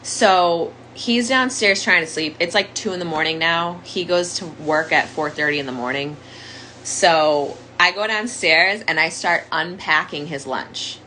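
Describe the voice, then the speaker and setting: A woman's voice: fairly low pitch, a little slow, sharp tone, slight background noise, low-quality recording. A young woman candidly telling her own story as a survivor, in a conversational monologue full of "like" fillers. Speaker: domestic violence survivor sharing her story.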